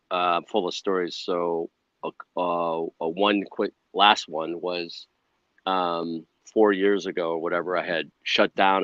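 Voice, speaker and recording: A man guest telling a long personal story in a casual interview, rambling and animated with many asides. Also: low-pitched, no echo, highs cut off. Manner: rambling, animated, full of "you know" asides.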